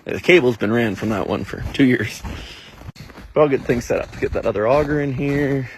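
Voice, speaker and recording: A man's voice: medium pitch, normal speed, slight background noise. A man, a farmer narrating his own shop project in a dry, muttering, self-deprecating way with offhand swearing. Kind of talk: casual project vlog narration.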